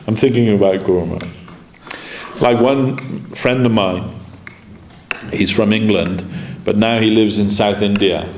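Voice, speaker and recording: Measured and low-voiced with a darkish tone, a man leads an informal devotional class as a spiritual teacher, narrating anecdotes, acting out their dialogue, and chuckling now and then. The temple lecture room echoes, and faint background noise can be heard.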